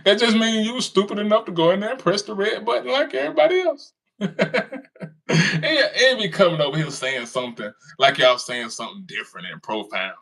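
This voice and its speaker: A man talks back to his commenters, mocking them and laughing often. His voice sits a bit high and swings widely up and down as he teases. It is casual, taunting commentary. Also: lively intonation, normal speed, gravelly, a bit bright. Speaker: commentary streamer reading comments.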